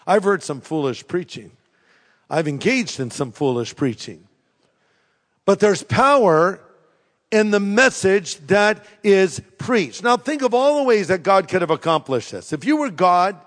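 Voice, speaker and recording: A man's voice: high voice, expressive, unhurried. A man preaching a sermon to a congregation, telling stories with humor and strong emphasis. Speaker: pastor. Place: church sanctuary. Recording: long echo of a large hall.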